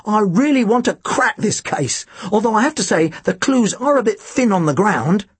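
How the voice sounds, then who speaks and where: A man puts on an oblivious, punning detective, full of cheerful tactlessness. His voice sits fairly high and husky, leaping about with lively swings in pitch. The reading is dry and close, with no room sound. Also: normal speed, no echo. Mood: tactless jokey. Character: pompous bumbling male private detective, cheerfully tactless.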